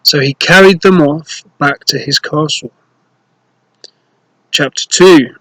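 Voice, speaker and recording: A man reading a children's storybook aloud, slow, clear and playful, with rhymes. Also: a little high, fairly bright tone, no echo, low-quality recording.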